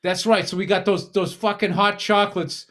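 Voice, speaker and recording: A man's voice: high voice, steady tone, moderate pace, a bit bright. A middle-aged man with a Boston accent co-hosting a podcast, telling stories in a heated, profane, casual way. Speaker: podcast co-host. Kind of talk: casual chat.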